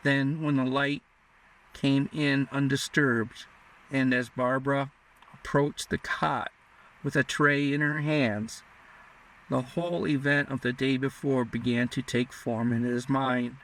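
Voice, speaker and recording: A man narrating an audiobook in a measured, even reading manner. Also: medium pitch. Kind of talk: scripted narration. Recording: distant mic.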